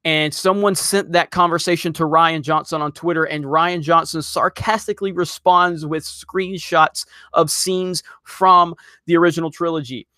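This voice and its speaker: A man hosting a live stream, ranting loudly in exasperation and reading viewer messages. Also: on the high side, fairly even intonation, no echo, studio quality. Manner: exasperated, loud, rapid rants.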